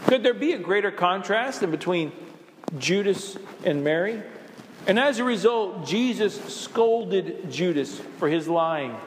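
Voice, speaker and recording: Male preacher, high-pitched and fervent, heard in an echoey sanctuary. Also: expressive, unhurried, slight background noise. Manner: impassioned preaching, acts out quoted voices. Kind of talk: sermon. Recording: echoey hall reverb.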